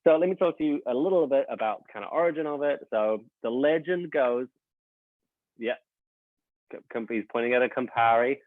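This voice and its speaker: A man with a mid-pitched voice walks viewers through a gin tasting, friendly and upbeat. The audio is dry and tinny, close to a phone line. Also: a little fast, no echo. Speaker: brand ambassador. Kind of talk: presenting a virtual tasting.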